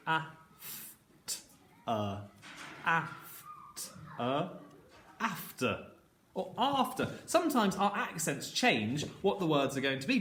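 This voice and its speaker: A man teaching a phonics lesson to young children, slowly sounding out words and encouraging them. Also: fairly high pitch, fairly bright tone, echoey room, a little hiss or hum. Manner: slow, sounding out words letter by letter. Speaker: primary school teacher.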